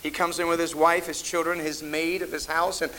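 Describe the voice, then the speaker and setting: A man's voice: a little high, level tone, fairly quick, pushed and bright, a little hiss or hum, rough recording. A middle-aged man preaching a sermon as a pastor, telling stories in a rambling way with many restarts. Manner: rambling anecdotal delivery with frequent restarts. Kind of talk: storytelling sermon.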